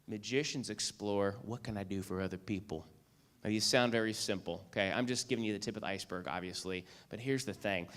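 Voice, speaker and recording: A man giving a motivational keynote speech, telling a story with lively acted-out lines and asking the audience "okay?" and "right?" again and again. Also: mid-range voice. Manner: animated storyteller, acts out lines, asks "okay?" and "right?" often. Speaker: keynote speaker and magician.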